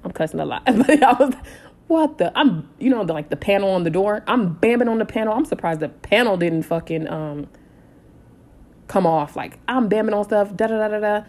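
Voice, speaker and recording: A woman in her thirties telling a personal story in a casual, animated way, blunt and swearing freely. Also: medium pitch, a little fast. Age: 30s. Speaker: storytime vlogger.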